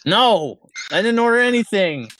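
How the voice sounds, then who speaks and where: A man voicing an irritable neighbor who has been woken from sleep, gruff and shouting people away from his door. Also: high voice, expressive, moderate pace, a crowd in the background, voice pushed up. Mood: angry.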